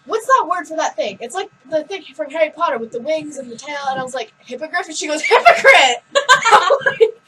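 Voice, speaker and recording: A teenage girl chatting casually on a vlog, giggly and animated as she tells stories. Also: sits high, fast talker, hardly any pauses, distant mic, heavy background noise. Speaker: vlog co-host. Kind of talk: casual chat.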